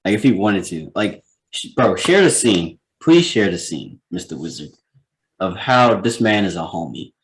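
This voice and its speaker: Man, low voice, lively intonation, casual co-host chat, laughing. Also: moderate pace, low-quality recording.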